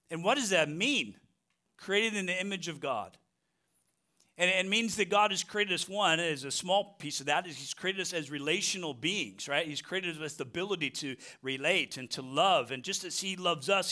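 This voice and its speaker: A pastor delivering a sermon in an earnest, conversational way, checking in with the congregation as he goes. His voice is bright and sits a little high for a man. He slows right down to press on the phrases that matter most.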